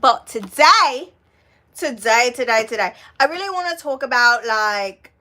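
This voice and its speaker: A woman's voice: a little high, expressive, unhurried, pushed and bright. A young adult woman chatting casually on a live stream, rambling, swearing freely and laughing often. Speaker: vlogger.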